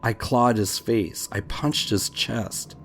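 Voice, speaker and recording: A man's voice: on the low side, slow pace, a bit bright, faint music behind. A man reading a true scary story aloud in a dramatic, tense scripted narration.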